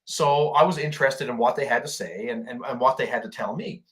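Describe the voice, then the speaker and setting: A man's voice: mid-range voice, brisk, fairly bright tone. A man from Canada co-hosting a veterans' podcast, telling a story from his deployment. He rambles, repeats himself and restarts his sentences, with plenty of fillers along the way. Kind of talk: casual storytelling chat.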